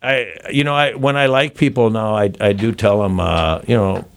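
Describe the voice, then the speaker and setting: A man's voice: on the low side, steady tone, moderate pace, vocal fry. An older man, a comedian guest on a radio show, chatting casually, laughing often and restarting his sentences.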